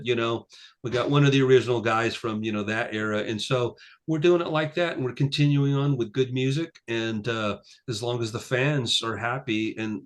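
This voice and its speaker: A musician in his sixties appears as a guest in a casual interview, rambling and scattering "you know" throughout. When he quotes people, he acts them out with lively jumps in pitch.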